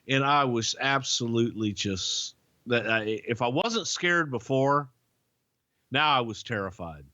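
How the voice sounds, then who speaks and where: Bright-voiced man telling stories. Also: mid-range voice, unhurried, no room sound, muffled recording. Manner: loose, profane, animated storyteller. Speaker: podcast host. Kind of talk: casual storytelling chat.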